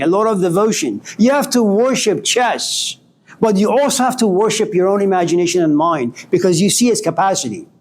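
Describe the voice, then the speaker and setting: A male philosophy professor giving a classroom lecture, telling stories and acting out talks with students. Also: high voice. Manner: animated storytelling, acting out dialogues with students.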